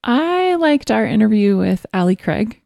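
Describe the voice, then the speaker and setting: A woman's voice: mid-range voice, sing-song, unhurried, vocal fry, darkish tone, no room sound, clean studio sound. A woman co-hosting a casual podcast, talking with a slight lisp. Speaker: podcast co-host. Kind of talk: casual chat.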